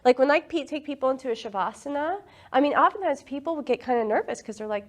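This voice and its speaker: Earnest woman meditation teacher, casual group talk, slightly high voice, easy laughter. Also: animated, quick pace. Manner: laughs often, earnest and enthusiastic.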